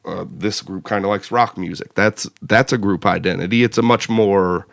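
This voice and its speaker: A man co-hosting a podcast in casual chat, talking haltingly with lots of uh's and restarts. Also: lowish voice, fairly even intonation, gravelly, a bit bright, dry recording, clean studio sound. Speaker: podcast co-host.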